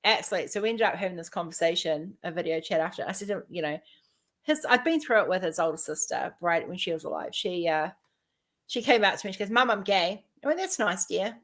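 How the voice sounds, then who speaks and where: A woman's voice: lowish voice, quick pace. Chatty middle-aged woman telling stories. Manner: chatty, animated storytelling, acting out quoted dialogue. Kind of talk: casual personal conversation.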